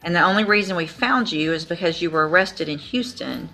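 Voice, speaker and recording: A woman judge presiding in a courtroom, asking brisk, matter-of-fact questions. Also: lowish voice, lively intonation, pushed and bright, soft background music. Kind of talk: courtroom proceedings.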